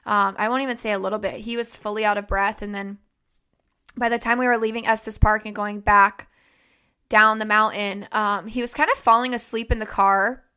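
A woman's voice: medium pitch, steady tone, normal speed, sharp tone, clean tone. A young woman hosting a podcast, telling a personal story in a conversational way, with frequent fillers and "like". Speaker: podcast host.

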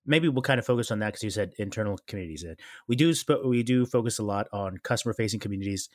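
A man's voice: lowish voice, fast talker, no echo, studio quality. A man hosting a podcast, asking questions in a rambling, friendly way. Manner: rambling, friendly, many fillers and restarts. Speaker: podcast host. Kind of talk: casual interview chat.

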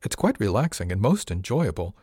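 A man's voice: on the low side, big pitch swings, brisk, darkish tone, slightly rough, dry recording, clean studio sound. A man voicing a gushing wealthy lady passenger. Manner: effusive, languid, purring.

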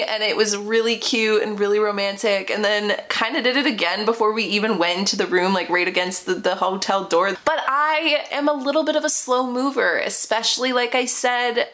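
A woman's voice: mid-range voice, fairly bright tone. A young woman hosting a podcast, telling a personal story in a candid, chatty way with many "like" fillers. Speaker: podcast host.

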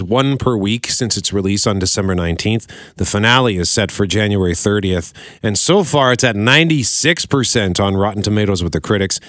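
Lower-voiced man explaining a fantasy show. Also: fairly bright tone, no room sound, studio quality. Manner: chatty, explanatory. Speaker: podcast co-host. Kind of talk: casual chat.

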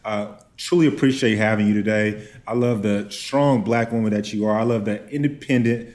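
A man's voice: lowish voice, fairly even intonation, moderate pace, a little mellow. A man hosting a casual chat, playful and teasing with his guest. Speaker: host.

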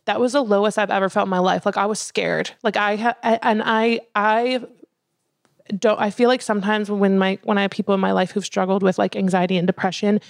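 A woman's voice: mid-range voice, level tone, brisk, vocal fry, no echo, clean studio sound. A young woman co-hosting a podcast, chatting casually and animatedly with lots of fillers. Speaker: podcast co-host. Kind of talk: casual chat.

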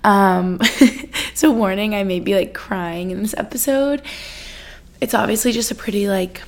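A woman's voice: mid-range voice, unhurried. Congested woman hosting a chat podcast. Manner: rambling, frequent "like" and "um", nervous laughs. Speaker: podcast host.

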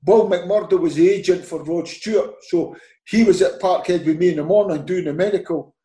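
In an echoey room, a Scottish man who used to play football chats casually as a podcast guest, his high voice moving briskly. He's an animated storyteller who acts out what people said and laughs a lot.

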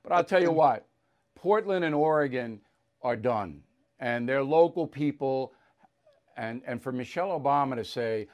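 A man's voice: mid-range voice, lively intonation, measured pace. A male talk host delivering blunt, combative opinion commentary with mocking asides.

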